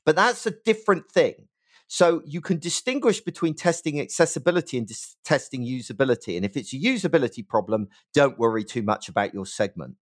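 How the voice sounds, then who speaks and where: Middle-aged man, West Country English accent, upbeat expert guest, very expressive intonation. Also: medium pitch, a little fast. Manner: animated, emphatic, peppers speech with "right?". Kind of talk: conversational interview.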